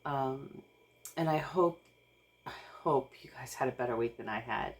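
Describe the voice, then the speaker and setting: A woman's voice: rumbling low, moderate pace. A woman, vlogging casually while overwhelmed and close to tears, rambling with restarts and nervous laughs. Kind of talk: casual vlog talk to camera.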